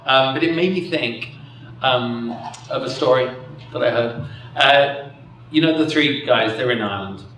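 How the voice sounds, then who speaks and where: A man in his fifties delivers an after-dinner keynote in an indoor dinner hall, rambling and poking fun at himself with frequent chuckles. His medium-pitched voice has a sharp tone, moves a little slowly and pauses often. The recording is distant and echoey, with slight background noise.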